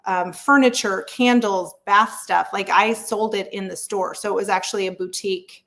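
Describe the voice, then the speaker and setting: A woman's voice: mid-range voice, steady tone, moderate pace, creaky, fairly bright tone. A woman in her thirties talks candidly as an interview guest. She speaks in a frank, chatty way and tells her story with lots of fillers and easy laughter. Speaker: real estate agent guest.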